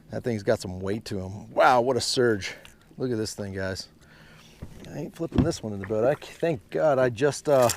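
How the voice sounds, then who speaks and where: A man giving excited fishing commentary from a boat on a mountain lake, exclaiming often and calling out to viewers as guys. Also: medium pitch, creaky, slight background noise. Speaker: fishing vlogger.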